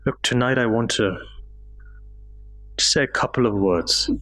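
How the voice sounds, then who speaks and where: A man delivers a mosque sermon in a mid-pitched voice. He tells devotional stories with feeling and lifts his voice as the story turns sad. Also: a little slow, bright, forceful tone, faint music behind, rough recording. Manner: emotive storytelling, rising pitch in emotional passages. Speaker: speaker at a mosque gathering. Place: mosque hall.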